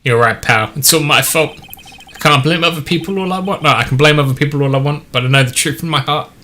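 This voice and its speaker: A scruffy, good-natured video game detective who calls everyone pal and buddy, as a man puts him on. The voice is bright and forceful, with a folksy, easygoing delivery. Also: a little high, fast, a little hiss or hum. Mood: gruff friendly.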